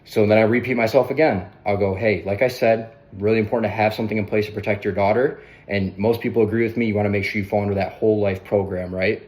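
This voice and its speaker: A man coaching others through a sales pitch in a brisk, conversational way, often tagging on "right?". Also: fairly even intonation, darkish tone. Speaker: sales trainer.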